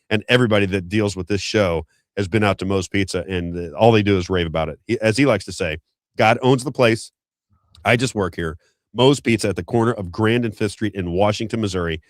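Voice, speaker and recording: Low-voiced guy hosting, rattles off ads real quick, dry close mic. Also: no echo. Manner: fast, chatty, folksy sponsor plugs. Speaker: show host. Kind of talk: unscripted talk-show ad reads and banter.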